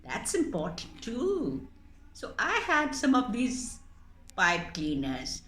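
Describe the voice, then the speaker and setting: A woman teaching children how to make paper puppets and telling them a story, in a gentle, instructive manner. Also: on the high side, wildly swooping pitch, reverberant, slight background noise. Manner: slow, gentle, instructive, sing-song. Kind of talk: craft tutorial for children.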